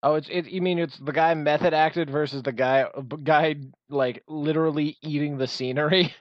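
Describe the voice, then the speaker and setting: A man co-hosting a podcast in casual chat, wry and quick to restart his sentences. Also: a little high, fairly even intonation, no echo, muffled recording. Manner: wry, chatty, stumbles into restarts. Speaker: podcast co-host.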